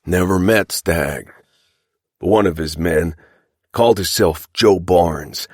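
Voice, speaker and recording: A sullen, cruel middle-aged rustler as a man reading an audiobook puts him on, talking in a rough frontier drawl with a very low, heavy voice. He sounds close and dry, with no room around him. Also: takes it slowly, dry recording. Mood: evasive.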